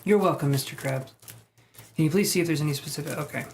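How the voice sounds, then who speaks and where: A man giving a live-streamed tarot reading, reading chat messages aloud and thinking aloud in a relaxed, soft-spoken way. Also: fairly high pitch, fast, slight background noise. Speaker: tarot reader.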